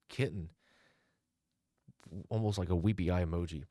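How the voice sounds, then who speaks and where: A man with a low voice gives casual reaction commentary. He reads messages aloud in a mocking, exasperated way, recorded dry and close with no room sound. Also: a little slow, pauses often, mellow, no echo.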